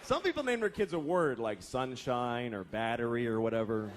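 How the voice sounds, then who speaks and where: A man's voice: medium pitch, animated, moderate pace, a crowd in the background. A man in his thirties doing a profane, exasperated stand-up routine, acting out voices. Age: 30s. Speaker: stand-up comedian. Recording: noisy live club recording.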